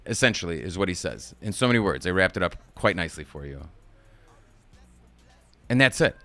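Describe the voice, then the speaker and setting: A man's voice: lowish voice, lively intonation, quick pace, pushed and bright, no room sound, soft background music. A man recapping a kids movie on a live stream in a casual, rambling way, swearing often and laughing at his own jokes.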